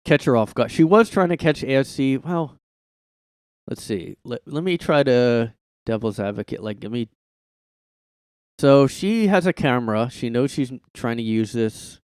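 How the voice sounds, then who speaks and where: A man's voice: medium pitch, expressive, unhurried, a little mellow, clean tone, no room sound. A man hosting a casual solo podcast from his room, rambling and swearing, packing his speech with "like", on a close mic. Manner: rambling, heavy "like" filler, profane. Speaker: podcast host.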